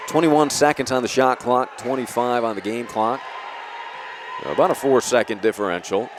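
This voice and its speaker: A man calling a college basketball game as play-by-play announcer, measured and clear, lifting his voice on big plays. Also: mid-range voice. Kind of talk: basketball commentary. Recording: broadcast with arena noise behind.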